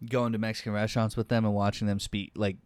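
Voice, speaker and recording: A man's voice: lowish voice, level tone, quick pace, darkish tone, clean tone, no room sound. A man chatting casually on a podcast, laid-back, swearing and laughing at his own stories. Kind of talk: casual chat.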